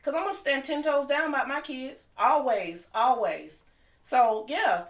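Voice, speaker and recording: Middle-aged woman, aave, heated and emotional, voice bouncing round an echoey room. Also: high-pitched. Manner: impassioned, talks fast and heated. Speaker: guest. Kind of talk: emotional personal storytelling.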